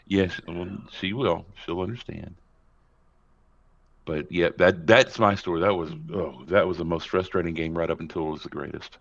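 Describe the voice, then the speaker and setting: A man co-hosting a sports podcast in casual chat, telling animated stories with chuckles. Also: sits low, a little slow, gravelly. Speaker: podcast co-host. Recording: slightly dull, muffled sound.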